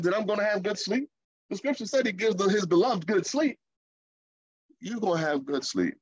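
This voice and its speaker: A man preaching a sermon in a lively, conversational way, with playful asides. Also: high-pitched, moderate pace, slightly rough, no room sound, lo-fi sound.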